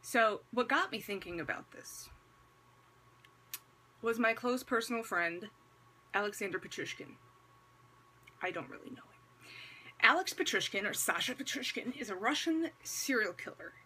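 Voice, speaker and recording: A woman's voice: a little high, lively intonation, moderate pace, pauses often, sharp tone, breathy edge. A woman talking to camera in casual vlog commentary with a religious message, wry and conversational, posing rhetorical questions and slipping in sarcastic asides. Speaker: vlogger.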